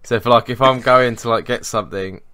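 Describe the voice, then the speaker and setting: A man's voice: medium pitch, fairly quick, sharp tone, clean tone. A man co-hosting a podcast, telling a rambling work story in casual chat, swearing and laughing as he goes. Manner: rambling, swearing, laughs at his own stories. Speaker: podcast co-host.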